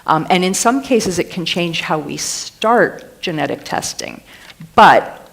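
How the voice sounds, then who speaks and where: A woman with a fairly low voice speaks easily on a discussion panel. She is relaxed and conversational and drops in casual asides. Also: slow pace, gravelly. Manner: relaxed, chatty, with "you know" asides. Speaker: genetics panelist.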